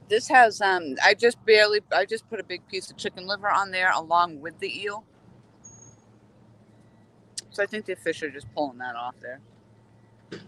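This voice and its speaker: A woman talks casually to her live-stream viewers while fishing from a dock on a waterway. Her voice is bright and forceful, and she keeps up a chatty, easygoing patter, coaxing the fish between comments. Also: on the low side, normal speed, long pauses, slight background noise, rough recording. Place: outdoors by a dock on a coastal waterway.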